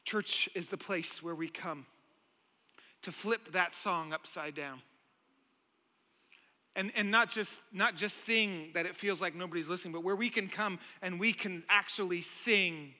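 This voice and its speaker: A man preaching a sermon as pastor, impassioned, swinging between loud calls and hushed questions. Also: sits high, moderate pace, in a large hall.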